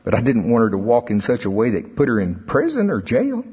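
A middle-aged preacher, delivering an animated sermon that rises into emphatic outbursts. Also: male voice, mid-range voice, fairly quick, few pauses. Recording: husky voice in a long-reverb hall, dull sound.

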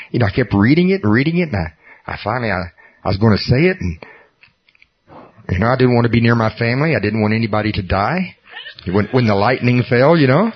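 A man's voice: on the low side, breathy edge. A middle-aged man preaching a sermon, telling personal stories earnestly with self-deprecating humor. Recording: dull lo-fi recording.

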